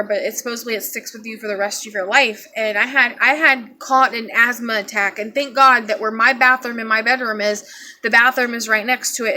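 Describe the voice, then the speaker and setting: A young woman telling a painful personal story to her viewers, tearful, halting and repeating herself. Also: on the high side, bright, forceful tone, slight background noise. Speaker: vlogger.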